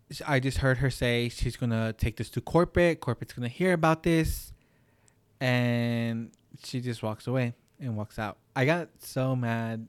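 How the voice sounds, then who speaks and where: A man's voice: medium pitch, clear, resonant tone, dry recording. A young man, a podcast co-host, telling a work story in casual chat, rambling with lots of "like" and swearing. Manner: rambling, heavy use of "like", swears.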